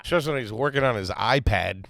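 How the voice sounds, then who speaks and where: A man's voice: mid-range voice, quick pace, fairly bright tone, dry recording, clean studio sound. A man co-hosting a podcast, chiming in with wry teasing quips in casual chat. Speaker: podcast co-host.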